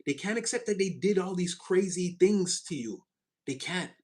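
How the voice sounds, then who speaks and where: A man giving a casual, animated tarot reading, chatty and expressive and quick to laugh. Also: high-pitched. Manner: animated, chatty, swings into voices, laughs often. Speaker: tarot reader.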